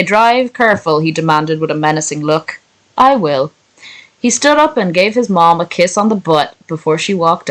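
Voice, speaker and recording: A woman's voice: lowish voice, a bit bright, low-quality recording. A young woman streaming, reading a story aloud and breaking off into sarcastic, swearing asides to her chat. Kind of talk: live-stream reading and commentary.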